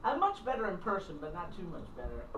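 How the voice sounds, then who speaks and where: A woman's voice: fairly low pitch, huge pitch swings, quick pace, lo-fi sound. A middle-aged woman minister and counselor giving a casual, blunt and candid teaching talk to a small group, acting out phone calls. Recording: roomy, distant mic, faint background noise.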